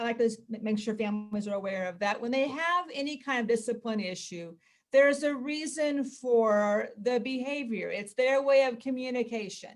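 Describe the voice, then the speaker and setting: A woman parent educator explaining discipline steps to families in a calm way, with many ums and restarts. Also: high-pitched. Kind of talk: casual presentation.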